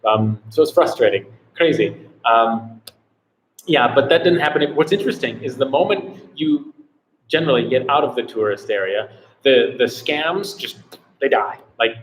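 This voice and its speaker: A man's voice: medium pitch, expressive, moderate pace, low-quality recording. A man hosting a casual live travel Q&A, rambling and filling his talk with "like". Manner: rambling, heavy on "like" fillers. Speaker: travel vlogger host.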